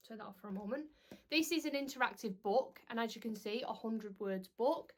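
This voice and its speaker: Chatty young mum vlogging. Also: female voice, on the high side, brisk. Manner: chatty and rambling, with frequent "um"s. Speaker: parenting vlogger. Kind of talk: casual chat to camera.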